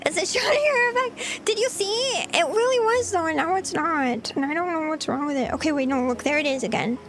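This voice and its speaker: This cooking streamer has a very high voice and talks at a brisk clip, with background noise audible. She gets flustered and giggly while chatting casually with viewers.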